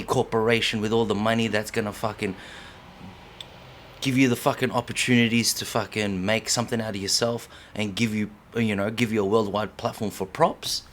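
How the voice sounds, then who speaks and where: A man's voice: lowish voice, moderate pace, slight background noise. Profane, heated middle-aged man ranting. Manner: profane, slangy, heated, keeps checking in with "yeah?". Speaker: vlogger. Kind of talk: impassioned unscripted monologue.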